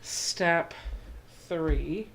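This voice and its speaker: A woman's voice: fairly low pitch, very slow, creaky. A young adult woman hosting a casual home sewing tutorial, chatty and self-deprecating as she walks through each step. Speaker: quilting channel host.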